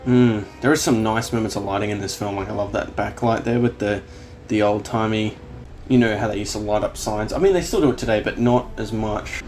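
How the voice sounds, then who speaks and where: A man's voice: on the low side, brisk, a little mellow, slight background noise. A man hosting a casual film reaction, exclaiming and swearing freely as he comments, with the film's music playing behind him. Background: film soundtrack playing.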